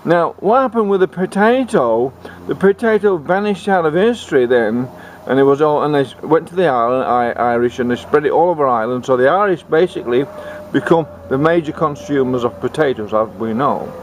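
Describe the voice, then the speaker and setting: A man's voice: on the high side, expressive, slight background noise. Rambling male comic storyteller. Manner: rambling, halting, restarts sentences.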